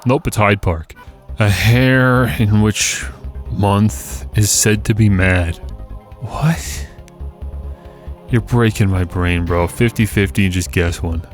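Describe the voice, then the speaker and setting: A man's voice: lowish voice, slow pace, faint music behind. A man doing casual gameplay commentary on a quiz game, sarcastic and exasperated, joking as he reads the questions aloud. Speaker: gaming YouTuber.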